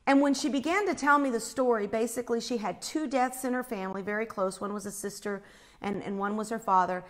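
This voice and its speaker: Animated woman telling a faith story. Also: a little high, fairly quick. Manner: animated, acts out the screams she describes. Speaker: speaker telling a personal story.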